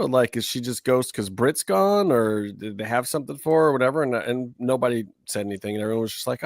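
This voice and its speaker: A man hosts a casual wrestling podcast in a plain mid-pitched voice. He talks loosely and spikes into high, excited exclamations. His voice sounds dry and close, with no room around it. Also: a little fast, few pauses, no room sound. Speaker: podcast host.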